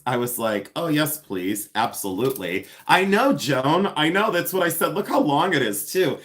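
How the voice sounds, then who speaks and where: A man's voice: medium pitch, fairly bright tone. A middle-aged man hosting a chatty live-stream jewelry unboxing, gushing over finds, greeting viewers by name and laughing often.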